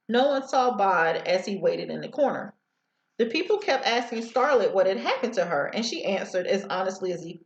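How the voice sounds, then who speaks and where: A woman's voice: mid-range voice, darkish tone, echoey room, muffled recording. A woman teacher reading a novel aloud to students over a headset, sometimes stumbling over words.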